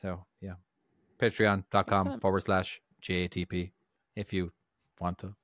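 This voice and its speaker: A man's voice: deep voice, flat delivery, unhurried, a bit bright, no echo, studio quality. A man co-hosting a casual podcast, rambling and laughing often. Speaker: podcast co-host. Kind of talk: casual chat.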